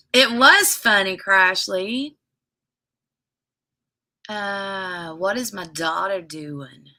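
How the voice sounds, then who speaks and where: Lady rambling on her craft livestream, slow drawl, kinda sharp bright voice, reading chat out loud. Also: on the low side. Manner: chatty, rambling storyteller who reads viewer comments aloud.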